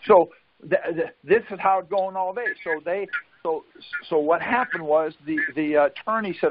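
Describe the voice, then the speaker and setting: A man's voice: high voice, normal speed, lo-fi sound, a little hiss or hum. A man on a conference call giving a casual, folksy talk and often asking "see?" to check that his listener follows.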